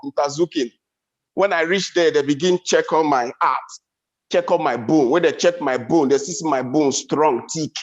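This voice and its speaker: Nigerian Pidgin stand-up man, high voice, lively swoops, dull lo-fi event sound. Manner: animated storytelling, big pitch swings. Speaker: comedian. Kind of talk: stand-up comedy.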